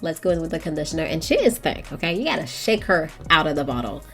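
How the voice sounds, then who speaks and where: A woman's voice: sits low, very animated, quick pace, faint music behind. A young woman with a congested, stuffy voice, chatting playfully with her viewers in a casual hair tutorial. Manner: playful, sassy asides to viewers. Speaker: hair vlogger.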